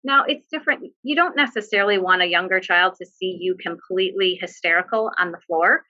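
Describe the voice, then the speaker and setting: A woman giving earnest, plainspoken advice in a webinar, her voice a touch low and notably bright and forceful. She leans on fillers as she goes. The sound is dull and lo-fi, as over a video call. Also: brisk. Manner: earnest, direct, with frequent fillers. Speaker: bereavement social worker.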